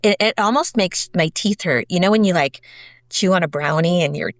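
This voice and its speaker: A woman in her forties, a podcast guest, telling stories in a chatty, animated way with many "like"s and "sort of"s. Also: fairly low pitch, moderate pace, dry recording, studio quality. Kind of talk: conversational storytelling.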